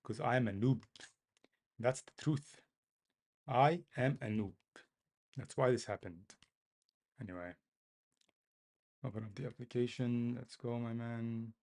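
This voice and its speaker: A man's voice: mid-range voice, unhurried, pauses often, darkish tone. A man talking to himself as he codes, muttering and repeating phrases in a self-mocking way. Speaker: developer streaming his coding. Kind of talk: casual live-coding commentary.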